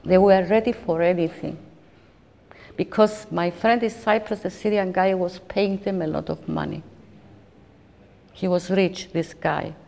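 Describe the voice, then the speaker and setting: A woman in her fifties giving halting, emotional documentary interview testimony, often restarting her sentences. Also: lowish voice, fairly even intonation, creaky, darkish tone. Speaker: interviewee recounting a personal ordeal. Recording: long hall reverb.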